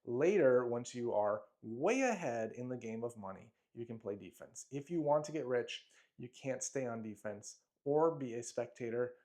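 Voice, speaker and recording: A man at an ordinary pitch reads his own self-help booklet aloud with a motivational push. He lands short punchy phrases in a declamatory way and now and then drops a casual aside. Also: lively intonation, moderate pace, hardly any pauses, a little mellow.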